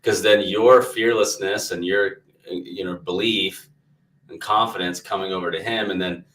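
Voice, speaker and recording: Male podcast host, very deep voice, affirming, recorded from a distance. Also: steady tone, normal speed, a bit bright. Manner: affirming, builds on guest's point. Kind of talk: casual conversation. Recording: distant from the mic.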